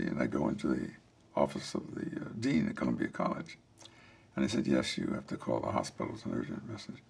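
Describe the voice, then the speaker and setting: An older man tells a personal life story in an interview, reflective and halting, with many restarts, and he acts out the voices of people he quotes. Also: lowish voice, creaky, slightly rough.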